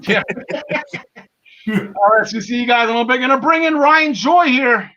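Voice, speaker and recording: High, bright-voiced male podcast host. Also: expressive, moderate pace, muffled recording, slight background noise. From half Irish. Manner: enthusiastic, laughs often, many fillers and restarts. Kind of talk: casual wrestling podcast chat.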